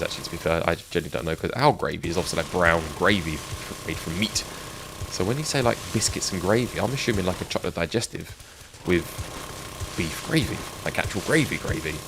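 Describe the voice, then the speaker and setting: Deep, gravelly English man streaming. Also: noisy background. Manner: chatty, reminiscing with chat, laughs often. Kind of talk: casual live-stream chat.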